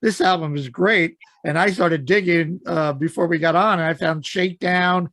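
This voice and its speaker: A man's voice: fairly high pitch, steady tone, moderate pace, fairly bright tone, no room sound. A man hosting a podcast radio show, chatting with a guest in an enthusiastic, promotional way. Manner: enthusiastic, promotional, many fillers. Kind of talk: casual interview chat.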